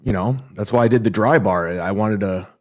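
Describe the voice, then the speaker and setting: A man's voice: lowish voice, fairly quick, a little mellow. A man who is a stand-up comedian talking in a casual monologue, boastful and defensive with plenty of swearing. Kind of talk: casual monologue on his own show.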